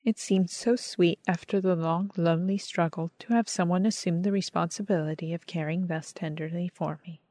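A woman reads a first-person story aloud in a low, measured voice. Her delivery is earnest and steady. The recording is dry and close. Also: no echo. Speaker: audiobook reader. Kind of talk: scripted first-person narration.

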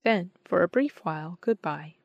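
A kindly, wise man speaks in calm, gentle explanations, as a woman narrator reads his lines. The voice sits fairly low and sounds close and dry, with no room around it. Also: moderate pace, gravelly, no echo, highs cut off. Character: kindly, wise adult man guiding newcomer.

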